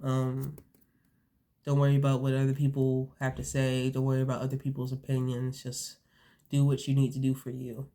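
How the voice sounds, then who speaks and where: A young woman vlogging from home, talking earnestly and haltingly, repeating herself. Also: very deep voice, completely flat delivery, warm tone. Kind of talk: casual talk to camera. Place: home, indoors.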